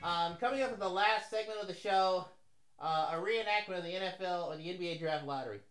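High-voiced teasing male co-host. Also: quick pace, a bit bright, soft background music. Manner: teasing and rowdy. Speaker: podcast co-host. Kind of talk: comedic podcast banter.

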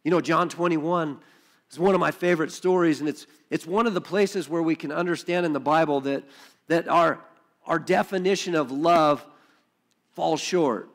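A man's voice: fairly high pitch, normal speed. A man preaching a sermon as pastor, building intensity with repetition and acting out biblical dialogue in quoted voices.

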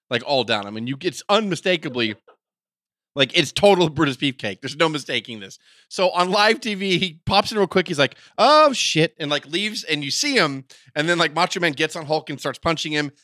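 A man hosting a podcast, telling a story in casual chat, animated and swearing freely. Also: a little high, no room sound, clean studio sound. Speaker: podcast host.

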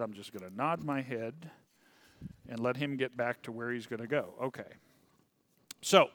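Man, pastor type, teaching a church Bible study; lively and chatty, keeps asking "okay?", slightly high voice, dry sound. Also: no echo. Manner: animated, rambling, frequent "okay?" check-ins.

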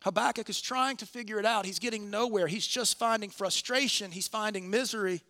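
A man preaching a sermon in church, earnest, slowing and softening on key phrases. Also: sits high.

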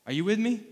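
A man from Florida preaching a sermon in a casual, conversational way, with asides and rhetorical questions to the room. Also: high voice. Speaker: pastor. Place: church hall. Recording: long hall reverb.

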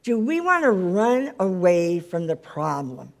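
A woman's voice: sing-song, measured pace, creaky. Earnest woman teaching a Bible study. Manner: earnest, reads scripture aloud, rises in pitch when stirred. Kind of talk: sermon-style teaching. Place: meeting room, live gathering.

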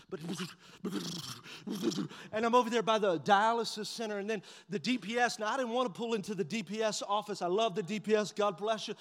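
A man preaching a sermon and telling a humorous story, animated and lively, dropping to hushed tones for his inner thoughts. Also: high-pitched, fairly quick. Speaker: pastor. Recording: long reverb of a large hall.

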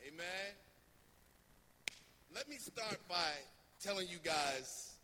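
A man from New Jersey preaching a sermon, telling a story in a lively, anecdotal way with many fillers. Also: high-pitched, slow, in a large hall, a little hiss or hum. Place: church sanctuary.

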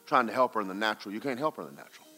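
A man preaching a sermon as a pastor, telling a personal story and swinging between loud, urgent exhortation and hushed, quiet recounting. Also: on the low side, expressive, racing, faint music behind.

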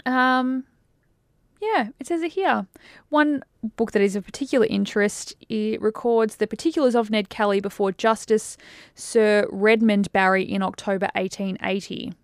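A woman's voice: medium pitch, normal speed, dry recording, clean studio sound. Chatty woman podcast co-host. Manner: chatty, interjecting, explains at length. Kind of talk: casual chat.

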